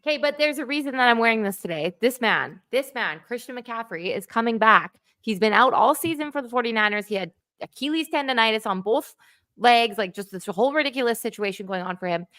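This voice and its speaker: A woman's voice: on the high side, animated, a little fast, fairly bright tone, dry recording, clean studio sound. A woman, chatting on a livestream, enthusiastic and talkative, laughing often. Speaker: guest co-host. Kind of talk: livestream chat.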